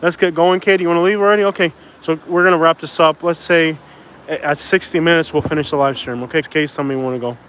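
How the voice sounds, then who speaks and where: A man's voice: on the high side, steady tone, fast talker, fairly bright tone, slight background noise. A man in his thirties chatting casually on a live stream outdoors by a bridge, rambling and arguing back at viewers. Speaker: vlogger doing a live stream.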